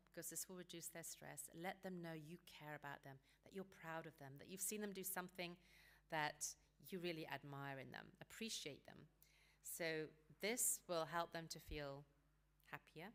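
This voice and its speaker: A woman giving a seminar talk on parenting teenagers, calm and practical, sometimes acting out what parents and teens might say. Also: low voice, normal speed. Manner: calm, practical advice, acts out quoted dialogue.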